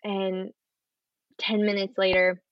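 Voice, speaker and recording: A woman's voice: mid-range voice, slow pace, no room sound, lo-fi sound. Earnest young actress telling her story. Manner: earnest, animated storytelling with acted quotes and laughs. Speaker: actress guest. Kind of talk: casual interview chat.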